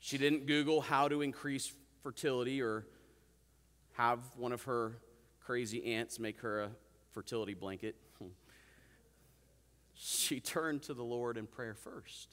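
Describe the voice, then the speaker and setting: Male pastor delivering a sermon, mid-pitched voice, long hall echo, earnest with wry asides. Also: unhurried, pauses often, fairly bright tone, clean tone. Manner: calls out "Amen?" and asks the congregation questions; earnest, with self-amused asides. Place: church sanctuary.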